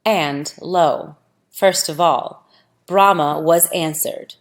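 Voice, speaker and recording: Give me a slow, measured woman narrating a scripture audiobook. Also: low voice. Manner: slow, deliberate, archaic phrasing.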